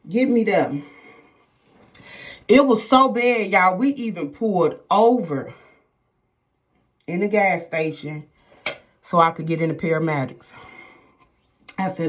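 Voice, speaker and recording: A woman's voice: fairly low pitch, a little slow, pauses often, darkish tone. A middle-aged woman vlogger telling viewers a personal story in casual chat, emphatic and repetitive, often calling them "y'all".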